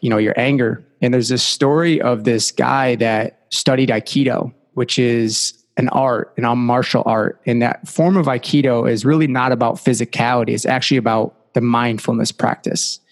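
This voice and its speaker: Man, podcast guest, casual storytelling, animated, filler words, long room reverb. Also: mid-range voice, normal speed, few pauses. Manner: animated, lots of fillers like "like" and "you know".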